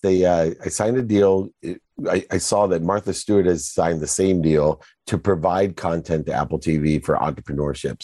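Middle-aged man, interview guest, very low voice, dark mellow tone, emphatic storytelling, dry sound. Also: no echo.

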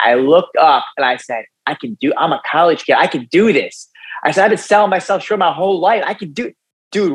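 A young man, a guest on a podcast, telling his personal story in a casual, animated way, often tossing in "dude" and "right?". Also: a little high, rough recording. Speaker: podcast guest, youth motivational speaker.

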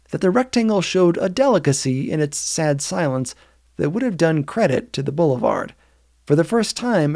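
A man reading a novel aloud in steady, measured narration, lifting his voice for the characters' lines. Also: fairly high pitch, gravelly, no room sound, studio quality. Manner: steady, measured storytelling, lifting the voice for quoted speech. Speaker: audiobook reader. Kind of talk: scripted narration.

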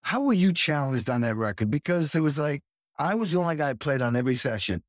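A man hosting a casual chat, an animated storyteller who acts out quotes. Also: on the high side, quick pace, no room sound, clean studio sound. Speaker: podcast host, drummer.

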